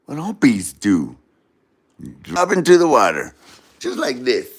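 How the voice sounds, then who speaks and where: A man's voice: medium pitch, huge pitch swings, unhurried, breathy edge. A man telling a comedic story in a rambling way, mixing up names and correcting himself as he goes.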